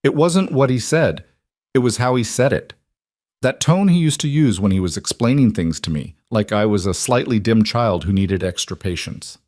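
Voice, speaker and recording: A man's voice: on the low side, expressive, moderate pace, darkish tone, no echo, clean studio sound, lightly acted. A man voicing a hurt, fragile woman who speaks in a tight, brittle, shaky way.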